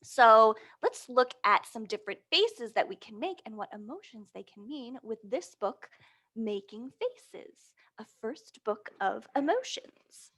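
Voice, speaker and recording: A woman leading a children's storytime, animated and prompting her young listeners with questions. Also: a little high, unhurried, slightly rough. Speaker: storytime reader.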